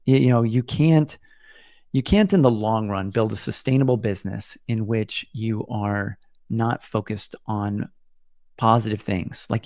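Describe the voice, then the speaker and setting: A man's voice: medium pitch, a little mellow, no room sound, clean studio sound. A man in his forties hosting a solo podcast, talking in an earnest, reflective way and often restarting his sentences. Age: 40s. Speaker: podcast host.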